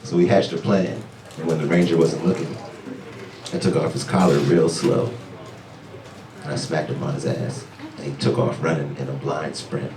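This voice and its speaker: A male stand-up comedian telling a story to a club audience, with animated delivery that jumps into high, excited voices. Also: normal speed, long pauses, a crowd in the background. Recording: echoey club sound from far off.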